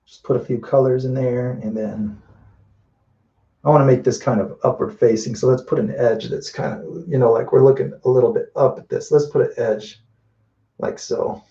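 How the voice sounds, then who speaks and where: A man demonstrating a painting live, thinking aloud in a relaxed way with frequent restarts and asides as he works. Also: medium pitch, moderate pace, dull audio. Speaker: painting instructor. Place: indoors at a painting wall.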